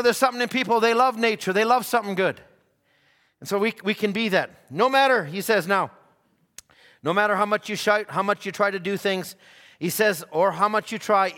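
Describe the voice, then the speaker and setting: A man with a high, bright, ringing voice preaches in a church, trading folksy anecdotes for fervent calls to his congregation. A long reverb hangs on every phrase. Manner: folksy storytelling, rising to fervent exhortation. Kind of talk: sermon. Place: church sanctuary.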